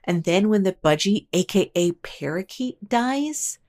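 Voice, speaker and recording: A woman narrates a paranormal story in a casual, chatty way, breaking off into wry asides and correcting herself as she goes. Her voice sits at a middle pitch and swoops up and down expressively. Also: animated, unhurried, a little mellow. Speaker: host of a paranormal storytelling channel.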